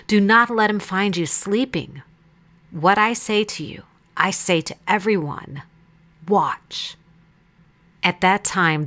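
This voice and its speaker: A woman reading Bible passages aloud in a measured, deliberate way. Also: fairly low pitch, fairly bright tone. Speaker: Bible reader. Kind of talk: scripted scripture reading.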